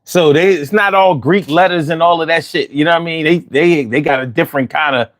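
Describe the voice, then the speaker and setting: A man hosting a casual chat, telling stories with lots of swearing and putting on high voices when he quotes himself. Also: fairly quick. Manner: animated storyteller, swears freely, jumps into high voices for quotes. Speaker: host.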